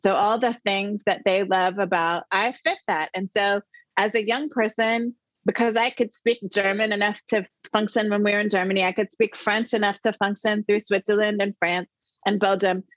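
A middle-aged woman, an interview guest, telling a personal story with animated emphasis. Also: medium pitch, dry recording. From the Netherlands.

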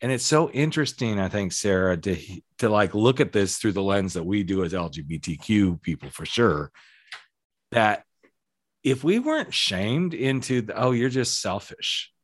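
A man's voice: on the low side, big pitch swings, normal speed, dry recording, clean studio sound. A man hosting a conversation, a speaking coach who tells stories and acts out the quoted dialogue. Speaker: podcast host and speaking coach. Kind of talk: casual conversational interview.

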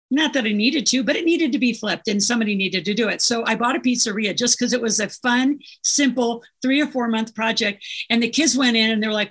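A woman's voice: fairly high pitch, fairly bright tone. A middle-aged woman, a guest author, chatting casually and telling stories with enthusiasm. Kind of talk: casual interview chat.

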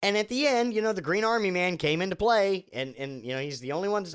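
A man in a sarcastic, rambling comedic rant, tripping over restarts as he piles up asides. His voice sits high and swings widely in pitch, which keeps the delivery lively. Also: fast, clear, resonant tone.

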